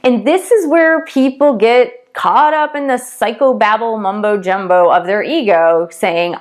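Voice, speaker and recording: A woman's voice: on the high side, unhurried, few pauses. A woman coach giving a casual teaching talk, emphatic, repeating key words and checking in with "okay?" and "right?". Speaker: twin flame coach and tarot reader.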